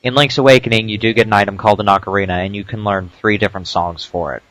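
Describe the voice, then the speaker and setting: A man doing casual commentary over a video game, explaining tips with dry jokes and frequent "uh" pauses. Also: lowish voice, fairly even intonation, fairly bright tone, no room sound. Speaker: let's play commentator.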